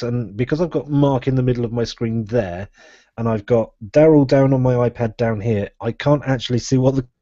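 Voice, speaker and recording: A man's voice: medium pitch, mellow, no echo. A man hosting a live podcast, rambling casually and laughing often. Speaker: podcast host. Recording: dull lo-fi live stream audio.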